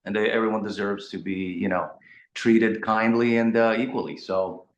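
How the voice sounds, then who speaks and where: A man with a low voice tells animated, rambling stories as a guest in a casual interview. He leans on fillers and restarts. The room around him rings with a noticeable echo. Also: normal speed, highs cut off. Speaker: guest rock singer. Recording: roomy echo.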